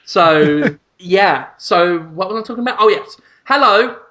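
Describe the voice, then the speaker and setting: A man hosting a casual comedy podcast, making wry, quick asides and laughing often. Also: high voice, expressive, bright, forceful tone. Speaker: podcast host. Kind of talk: casual chat.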